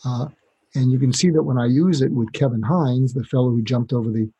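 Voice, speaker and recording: Very husky man explaining calmly. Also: mid-range voice, brisk, dull audio. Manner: calm, explanatory, demonstrates dialogue. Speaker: podcast guest, doctor. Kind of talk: podcast interview.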